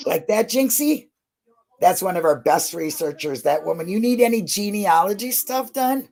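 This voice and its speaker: A woman's voice: mid-range voice, expressive, normal speed, creaky, warm tone. A woman talking in a casual livestream chat about true crime, emotional and effusive, blunt and not shy about swearing. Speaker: true crime channel guest.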